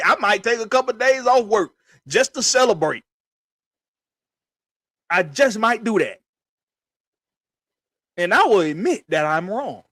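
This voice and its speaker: Host, male, high voice, heated profane rant, dry close sound. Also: fairly bright tone, dry recording. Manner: profane, emphatic, repetitive ranting. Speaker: podcast host.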